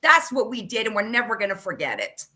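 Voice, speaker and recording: Animated, heated woman ranting. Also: mid-range voice, fast. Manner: heated, profane, calls people out. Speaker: livestream host. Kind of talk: angry livestream rant.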